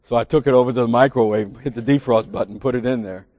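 A man's voice: medium pitch, quick pace, a little mellow, no echo, studio quality, long reverb tail. A middle-aged man with a Southern drawl preaching a sermon in a church, earnest and building to emphatic bursts with folksy asides.

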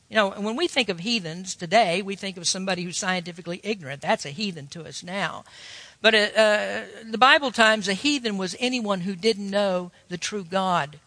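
A man's voice: high-pitched, pushed and bright, no echo, in a large hall. A man preaching a sermon, telling a folksy story with emphatic turns.

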